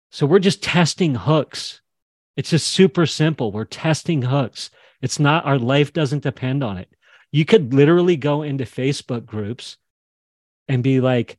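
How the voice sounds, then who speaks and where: An impassioned man teaching a group on a call, acting out both sides of a conversation as he talks. His voice sits at an ordinary middle pitch. The sound is dry and close, with no room around it. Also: animated, measured pace, darkish tone, dry recording. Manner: impassioned, acts out dialogue. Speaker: podcast host and coach. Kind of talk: animated teaching session on a video call.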